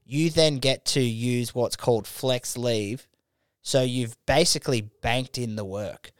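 A man's voice: medium pitch, unhurried, smooth, dry recording, clean studio sound. A young man co-hosting a podcast, cracking crude jokes, swearing freely and slipping into silly put-on voices. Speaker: podcast co-host. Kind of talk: crude casual banter.

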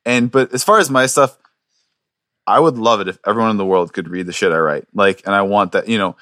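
A man's voice: lowish voice, brisk, bright, forceful tone, dry recording, clean studio sound. A man co-hosting a podcast, talking casually about his book in rambling speech full of fillers and restarts. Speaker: podcast co-host and author. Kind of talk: casual chat.

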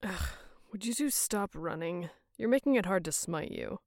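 A woman playing a bored, cruel villainess, loud hiss. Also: medium pitch, expressive, moderate pace, natural voice.

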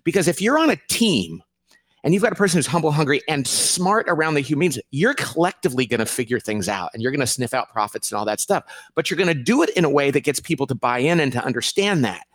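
A man answering interview questions as an author and consultant, lively and acting out quoted people. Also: on the high side, quick pace, no room sound. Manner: animated, acts out quoted people in raised voice.

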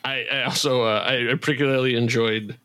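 A man hosts a casual behind-the-scenes chat for his audio drama podcast. His voice is bright and forward, and he rambles along with frequent restarts and fillers. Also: medium pitch, fairly even intonation, brisk, smooth. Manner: chatty, rambling with many restarts. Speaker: podcast creator and host.

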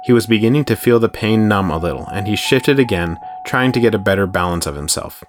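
Deep-voiced male horror narrator. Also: a little fast, faint music behind. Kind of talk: scripted horror story narration.

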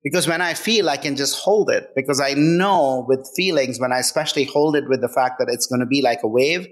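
A man's voice: mid-range voice, fairly quick. A man speaking as a guest author in a conversational interview, earnest and emphatic, often checking in with "right?".

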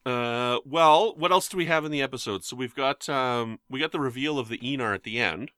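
Man, from Canada, casual podcast chat, joking asides, bright tone. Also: mid-range voice, brisk, no echo, clean studio sound. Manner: chatty, joking asides, many restarts. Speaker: podcast co-host.

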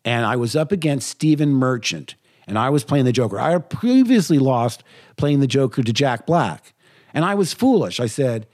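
Animated older man telling stories. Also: medium pitch, moderate pace. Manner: animated anecdotes, quotes himself in lively voices. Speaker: voice actor guest. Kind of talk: interview storytelling.

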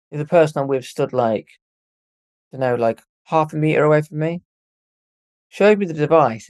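A young man telling a ghost story as a podcast guest, animated and swearing freely as he acts out what people said. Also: mid-range voice, no echo. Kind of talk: casual storytelling.

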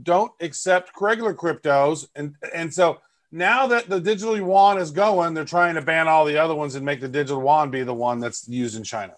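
A man's voice: fairly high pitch, a little fast. A man co-hosting a casual podcast, chatty and rambling with fillers. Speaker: podcast co-host. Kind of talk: casual chat.

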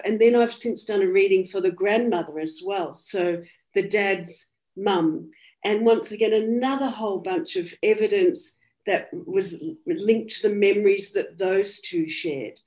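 An Australian woman, a medium, earnestly retelling a reading in an interview and quoting what was said. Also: medium pitch. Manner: earnest, soft-spoken retelling with quoted dialogue. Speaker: medium, guest. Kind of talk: personal storytelling in interview.

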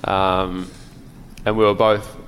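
A man's voice: low-pitched, flat delivery, slow pace, a bit bright, slight background noise. Man laughing through a story in a roomy hall. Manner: laughing often while recounting a story. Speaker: podcast guest, pro golfer. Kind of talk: casual storytelling.

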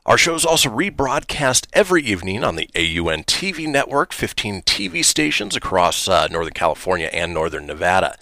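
Lively upbeat male radio host. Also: low-pitched, fairly quick, few pauses, no echo, studio quality. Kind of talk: casual radio banter.

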